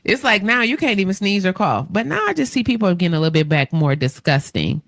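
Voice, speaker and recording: A woman hosting a casual radio talk show, chatty and lively, acting out quotes as she tells stories. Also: fairly low pitch, fast, vocal fry, dry recording. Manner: chatty, animated storyteller, acts out quotes. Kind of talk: casual chat interview.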